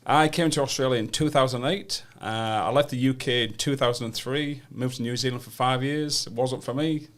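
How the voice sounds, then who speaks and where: A man's voice: mid-range voice, steady tone, a little fast, hardly any pauses, a bit bright. An English man in his fifties, a guest on a studio podcast, telling his story bluntly and frankly. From England. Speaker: guest, business founder. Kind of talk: podcast interview.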